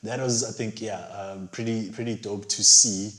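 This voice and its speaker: A man's voice: lowish voice, steady tone, moderate pace, fairly bright tone. A man co-hosting a casual film review chat, telling stories animatedly and acting out his own reactions with big jumps in voice. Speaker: podcast co-host. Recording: roomy echo.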